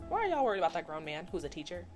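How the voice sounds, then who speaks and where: A woman in her twenties giving a chatty, animated recap of a cartoon episode, slipping into voices for the characters. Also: lowish voice, racing, soft background music. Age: 20s. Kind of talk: casual commentary recap.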